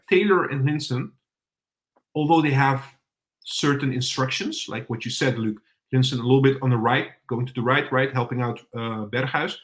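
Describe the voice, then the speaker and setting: A man's voice: medium pitch, a bit bright. A man hosting a casual football podcast. He reads out viewer comments, puts questions to his panel and talks in a hesitant way with many fillers. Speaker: podcast host.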